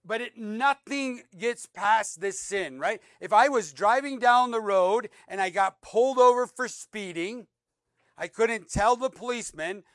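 A man with a high, smooth and resonant voice preaches a sermon with great dynamics. He swings from loud, emphatic repeated phrases down to soft, low asides. The recording is dry and close. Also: unhurried, dry recording. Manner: reads scripture aloud, repeats words for emphasis. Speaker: pastor.

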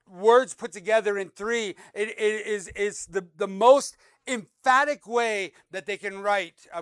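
A man with a high, smooth and resonant voice preaches a sermon with great dynamics. He swings from loud, emphatic repeated phrases down to soft, low asides. The recording is dry and close. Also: no room sound. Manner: reads scripture aloud, repeats words for emphasis. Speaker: pastor.

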